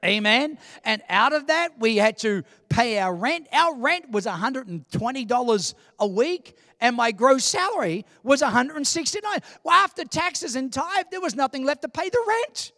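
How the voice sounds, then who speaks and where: High-voiced older man preaching a sermon. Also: moderate pace, hardly any pauses, dry recording, studio quality. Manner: animated, humorous, emphatic preaching. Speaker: pastor. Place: church.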